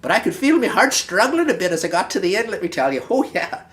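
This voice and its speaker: A woman's voice: medium pitch, big pitch swings, fast talker, close to an everyday voice. A woman voicing a boastful old Irish farmer with a put-on Irish accent, spinning a rambling folksy yarn in a comic character monologue. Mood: jovial.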